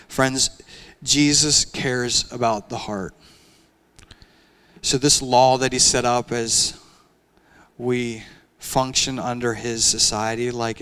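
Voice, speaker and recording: A young man preaching a sermon in a conversational, animated way, often using casual fillers. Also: medium pitch, clean tone. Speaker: pastor.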